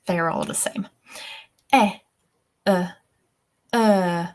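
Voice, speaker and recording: Young woman, irish accent, online teaching session, very slow delivery, patient, keeps asking "okay?". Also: medium pitch. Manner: patient, explains step by step, checks in with "okay?". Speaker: TEFL teacher. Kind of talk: webinar lesson.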